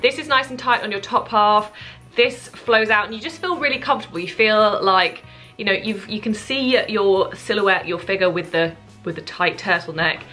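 A woman's voice: mid-range voice, moderate pace, sharp tone, soft background music. A young woman in her twenties chatting to camera as a fashion vlogger, bubbly and self-mocking. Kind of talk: casual chat to camera.

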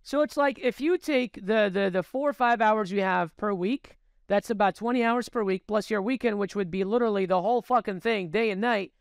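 Man, high voice, smooth and clear, dry close sound, swearing podcast chat. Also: fairly quick, no echo. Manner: profane, animated storytelling. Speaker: podcast co-host.

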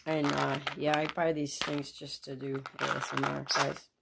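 Sick lady doing a chill asmr vlog at home, low croaky voice, slow, chatty. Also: level tone, very noisy. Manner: chatty, easily distracted by her pet bird. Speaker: ASMR vlogger.

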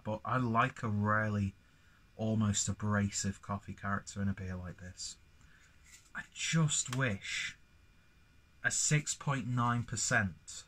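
A man's voice: on the low side, fairly bright tone. A man, casually reviewing a beer in a rambling, sweary vlog full of self-mocking asides.

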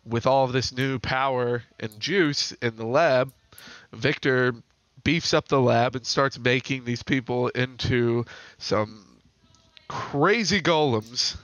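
A man's voice: medium pitch, takes it slowly, fairly bright tone, dry recording. A man co-hosting a podcast, retelling a game's lore in long, casual run-on stretches. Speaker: podcast co-host.

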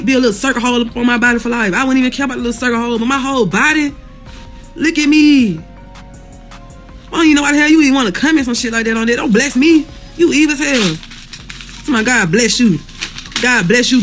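Blunt woman in pain, laughing and cursing. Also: high-pitched. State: in pain, near tears. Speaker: livestreamer reading viewer comments. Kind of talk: casual live chat with viewers. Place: hospital room.

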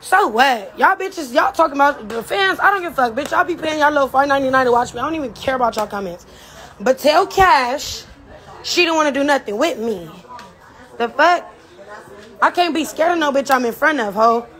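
High-voiced woman taunting in a profane rant. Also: lively intonation, fairly quick, fairly bright tone, a little hiss or hum. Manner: taunting, profane trash talk with laughter. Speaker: reality show cast member. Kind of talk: direct-to-camera rant.

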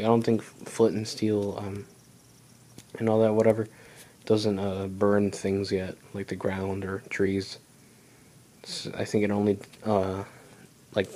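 Young male let's-play host, low voice, chatty and rambling self-talk. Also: mellow. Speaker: gaming channel host. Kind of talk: casual let's play commentary.

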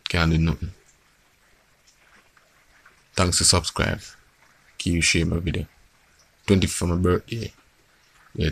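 A man chatting quietly to his phone camera, keeping his voice down. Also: low voice, creaky, breathy edge. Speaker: vlogger. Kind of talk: casual chat to camera.

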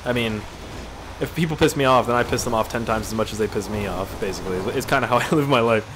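A man's voice: medium pitch, fast talker, background noise. A man giving casual gameplay commentary as a video creator, rambling and jokey with lots of swearing. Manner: rambling, profane, jokey storytelling.

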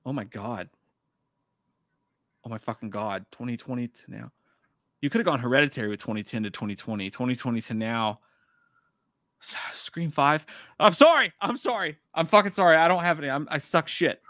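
A man's voice: medium pitch, moderate pace, pauses often, fairly bright tone, no room sound, clean studio sound. A man co-hosting a casual livestream, swearing freely and rattling off answers in a frantic, self-deprecating way. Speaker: podcast co-host.

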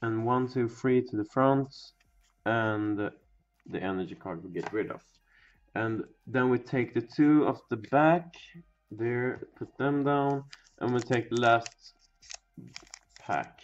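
Slow-talking young man opening card packs. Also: mid-range voice. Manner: rambling, swears, bursts into loud excitement. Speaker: pack-opening video host. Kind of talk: casual card-opening commentary. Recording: dull lo-fi sound with faint music.

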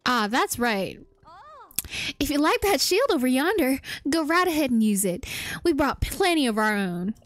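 A woman's voice: high-pitched, very animated, moderate pace. A woman voicing a chummy game traveler with a put-on Southern US drawl, reading the dialogue aloud in a homespun way. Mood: folksy. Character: folksy game traveler rescued from monsters.

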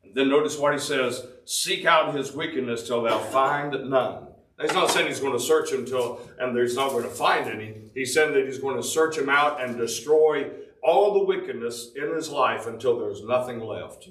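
A man preaches a devotional sermon, reading scripture in old-fashioned Bible wording and then explaining it. His voice is bright and forceful. It rings through an echoey room, picked up from some distance off the mic. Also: mid-range voice, normal speed, slight background noise.

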